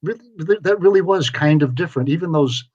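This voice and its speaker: A man's voice: a little high, quick pace, a little mellow, husky, muffled recording. An older man co-hosting sports radio, telling stories in a dry, wry way. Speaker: sports reporter and co-host. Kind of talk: casual sports radio chat.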